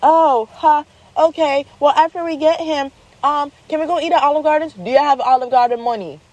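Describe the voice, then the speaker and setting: Woman doing a little girl voice, high, dramatic, gushing, mellow, dry. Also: fairly even intonation, a little fast, dry recording, close to an everyday voice. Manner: theatrical, gushing exclamations.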